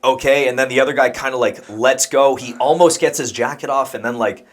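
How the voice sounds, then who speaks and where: A man's voice: mid-range voice, fairly quick. Laid-back man telling a story. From Montreal. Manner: rambling anecdotal, laughs mid-sentence. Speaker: podcast co-host. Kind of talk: casual storytelling chat.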